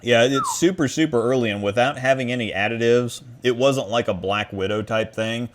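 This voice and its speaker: A man's voice: medium pitch, normal speed, a little hiss or hum. A man hosting a casual livestream over a video call, rambling through viewer questions with frequent restarts. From Midwest US. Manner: rambling, restarts phrases, answers chat questions. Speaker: stream host.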